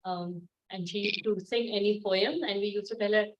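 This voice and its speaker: A woman's voice: mid-range voice, fairly even intonation, moderate pace, dull audio. A middle-aged woman, giving an upbeat, encouraging speech evaluation on a video call. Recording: echoey distant laptop audio.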